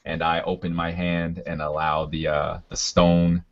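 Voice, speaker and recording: A man with a very deep voice plays a tabletop role-playing game, talking haltingly with many fillers. The recording is muffled and lo-fi. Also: level tone. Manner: halting, full of fillers, laughing often. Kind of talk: casual tabletop role-play. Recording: dull lo-fi recording.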